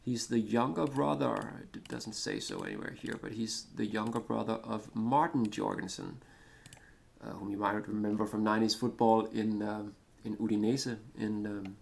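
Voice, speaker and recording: A man's voice: fairly low pitch, steady tone, moderate pace, gravelly. A Danish man, whose first language is Danish, casually commenting on a retro football management game, rambling and hesitant with many fillers and a self-deprecating manner. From Denmark. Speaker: gaming commentator. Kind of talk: casual let's-play commentary.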